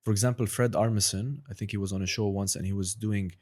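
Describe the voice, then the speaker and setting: A man's voice: fairly low pitch, steady tone, quick pace, a little mellow. A man, a podcast guest and impressionist, chatting casually in a rambling, hedging way. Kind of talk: casual chat.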